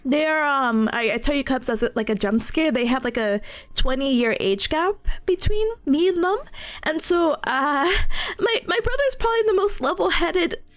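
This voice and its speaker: A young woman streaming and chatting casually with her viewers, animated and quick to laugh at herself. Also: sits high. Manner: animated, laughs often, self-mocking. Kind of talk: casual chat with live chat.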